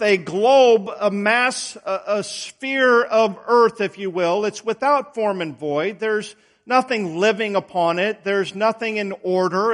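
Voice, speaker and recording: The speaker is a middle-aged man preaching a sermon, his voice high-pitched and a little bright. Folksy stories drive his message, with emphatic rises landing on stressed words.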